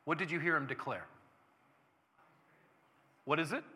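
A male pastor preaching a sermon, shifting between soft, conversational teaching and loud, exclaiming declarations. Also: fairly high pitch, lively intonation, measured pace. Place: church sanctuary. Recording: echoey church hall.

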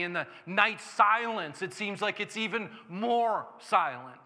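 A male pastor delivers a sermon, his voice high and bright. He moves from quiet, conversational teaching to loud exclamations, and a long church reverb trails each phrase. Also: measured pace, few pauses. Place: church sanctuary. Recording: echoey church hall.

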